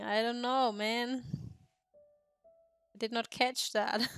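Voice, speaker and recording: A woman's voice: a little high, steady tone, slow, a bit bright, clear, resonant tone, dry recording. Young woman streamer, casual chatter, frequent laughs and cursing, faint music bed. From Germany. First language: German. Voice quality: laughs often, swears freely, rambling. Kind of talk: casual chat while drawing.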